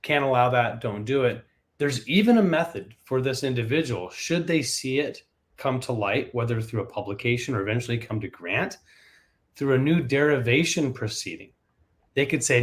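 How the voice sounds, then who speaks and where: A man hosts a live question show. His voice sits at an ordinary middle pitch, and he reads the viewers' questions aloud in a lively, joking way. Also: normal speed. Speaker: patent attorney host.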